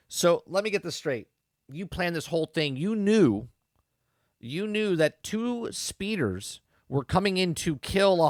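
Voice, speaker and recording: A podcast host with a fairly high, slightly bright male voice gives a casual review of a show. He rambles, sounds exasperated, repeats his points and swears freely, recorded at studio quality with no room sound.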